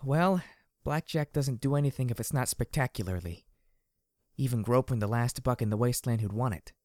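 A man voicing a blunt, impudent female pony who speaks dryly and firmly, with a calm side beneath. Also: medium pitch, a little slow, no echo, voice pushed up. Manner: dry, firm, matter-of-fact. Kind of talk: audiobook character voice.

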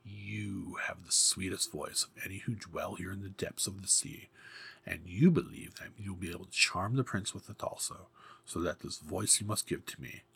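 A man voicing a scheming old female sea witch in a hoarse, menacing whisper. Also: low-pitched, pushed and bright, full character voice. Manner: sly, menacing.

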